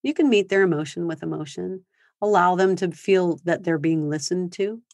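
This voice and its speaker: Low-voiced woman giving a parenting seminar. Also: normal speed, creaky, darkish tone, no echo. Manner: conversational, acts out sample phrases for parents to use. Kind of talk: live online seminar talk. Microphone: video call microphone.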